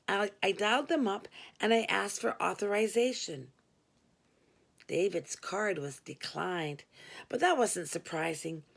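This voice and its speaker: A woman's voice: mid-range voice, gravelly. A woman reading a first-person adult story aloud, with a weary, wry tone. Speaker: audiobook reader.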